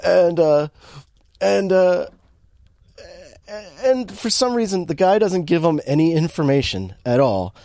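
A man's voice: fairly high pitch, lively intonation, a little slow, vocal fry, long pauses, warm tone. A man in casual chat, recapping a movie with lots of fillers and restarts and an amused tone. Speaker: podcast co-host recapping a movie.

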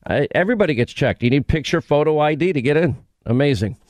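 A man's voice: a little high, expressive, a little mellow, no room sound. Man, radio host, emphatic, dry close mic. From New York. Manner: emphatic, rapid-fire opinions. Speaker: radio talk show host. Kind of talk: talk radio call-in.

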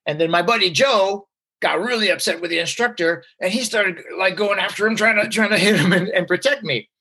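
A guest with a high, husky voice tells a personal story briskly and with energy, peppering it with fillers and acting out the voices of those he quotes.

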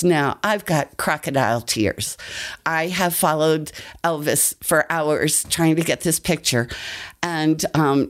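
Low-voiced older woman telling a story. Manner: animated, breathless retelling. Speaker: storyteller guest. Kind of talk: personal anecdote.

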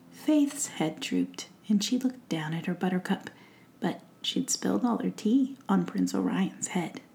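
Woman whispering a slow bedtime story. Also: fairly low pitch, animated, creaky. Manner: hushed, soothing whisper.

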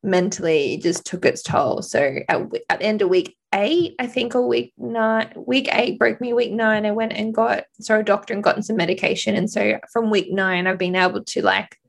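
A woman chatting casually as co-host, telling stories animatedly and acting out quoted lines with big jumps in pitch. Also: moderate pace, gravelly, few pauses. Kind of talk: casual chat.

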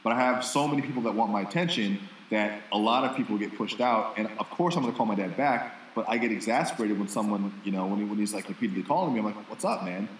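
A man's voice: lowish voice, quick pace, few pauses, echoey room, recorded from a distance, a little hiss or hum, low-quality recording. A man co-hosting a casual podcast, telling a long candid story with self-deprecating asides.

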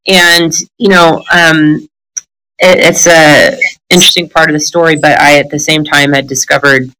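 A woman's voice: deep voice, flat delivery, normal speed, pushed and bright, rough recording. A middle-aged woman telling her story in a candid conversation, blunt and profane, breaking into laughs and acting out other people's lines.

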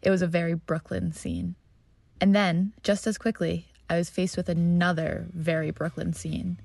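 Low gravelly woman narrating a story. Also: flat delivery, normal speed, a little mellow, dry recording. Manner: tense, vivid storytelling with heated quoted outbursts. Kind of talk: scripted personal narration.

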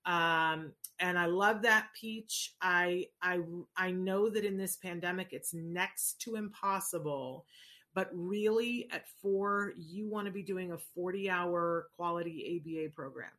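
A middle-aged woman hosts a casual advice talk, answering viewer questions earnestly and encouragingly, with frequent rhetorical asides. Her voice is fairly low, bright and forceful, delivered at a measured pace.

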